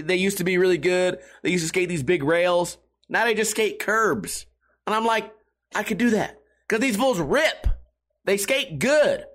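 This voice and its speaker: High-voiced man rambling to his viewers. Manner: profane, animated storytelling. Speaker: skateboarding streamer talking to his viewers. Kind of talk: casual rambling chat.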